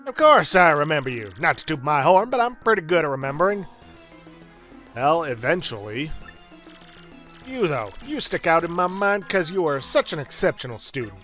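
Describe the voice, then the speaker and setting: A man's voice: fairly high pitch, very animated, moderate pace, pushed and bright, faint music behind. A man voicing an absent-minded old male professor, in a slightly southern old man voice. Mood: lecturing.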